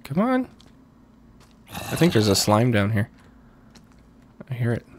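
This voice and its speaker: Male let's-play host, unhurried, animated pitch, talks to himself, gets worked up. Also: a little hiss or hum. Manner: muttering to himself, rising and excited when pleading. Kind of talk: casual gameplay commentary.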